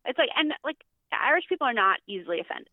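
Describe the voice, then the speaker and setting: A woman's voice: fairly high pitch, big pitch swings, fast talker, dry recording. A woman speaks as a podcast guest over a tinny, phone-like line. Her delivery is loose and chatty, full of fillers and restarted sentences. The sound is dry with no room around it. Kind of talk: casual chat.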